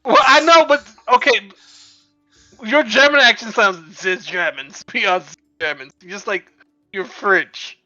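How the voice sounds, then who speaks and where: A man's voice: high voice, slow pace, pushed and bright, dry recording, lo-fi sound, faint music behind. A man playing a tabletop game, chatting casually and rambling with many restarts. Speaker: player.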